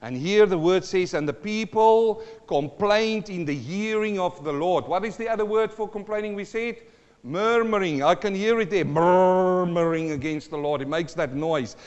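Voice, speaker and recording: A man's voice: high-pitched, lively intonation, normal speed, in a large hall, muffled recording. A middle-aged man preaching a sermon to a congregation, dramatic, asking questions and acting out sounds and voices. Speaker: pastor.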